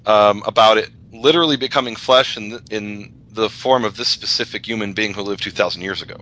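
Bright-voiced man explaining scripture. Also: on the low side, a little fast, low-quality recording. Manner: thoughtful, explains with scripture quotes. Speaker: guest Bible scholar. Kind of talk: casual religious discussion on a podcast.

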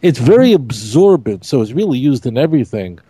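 A middle-aged man, a rabbi, teaching scripture in an emphatic, animated way, repeating key phrases on a podcast. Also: medium pitch, fairly quick, breathy edge, dry recording. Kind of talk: podcast Bible discussion.

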